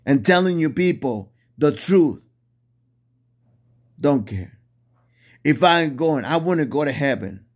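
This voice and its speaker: A man's voice: a little high, expressive, slow pace, long pauses. A man delivering an impassioned preaching monologue in non-native English. He repeats phrases and restarts often.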